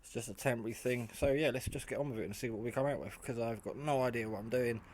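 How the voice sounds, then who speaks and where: A man's voice: medium pitch, quick pace, darkish tone. Tired rambling man talking while he builds. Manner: rambling, chatty, many fillers and restarts. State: tired, half asleep. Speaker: hobbyist maker. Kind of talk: casual build vlog. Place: indoor workshop at home. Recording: faint background noise and clicks.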